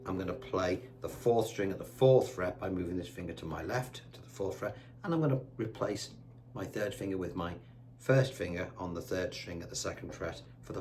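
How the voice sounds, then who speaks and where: A man teaching guitar with a chatty, patient manner, counting the beats out loud slowly while he plays. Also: deep voice. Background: guitar playing.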